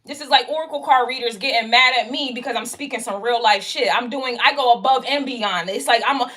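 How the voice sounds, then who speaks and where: A woman does a casual tarot reading, addressing the viewer directly in a blunt, profane, slangy style and hammering her point over and over. Her voice is a little high, fairly quick, and pushed and bright.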